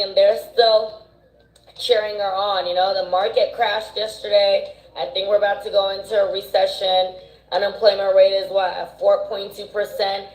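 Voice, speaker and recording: Brief: woman commentator, mid pitch, dismissive and exasperated, roomy echo. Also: flat delivery, normal speed. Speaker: political commentator. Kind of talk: casual commentary. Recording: echoey room.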